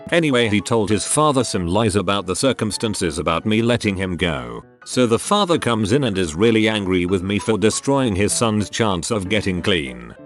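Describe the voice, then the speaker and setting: A man reading online stories aloud as scripted narration, with some odd misreadings. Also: on the low side. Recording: faint music behind the voice.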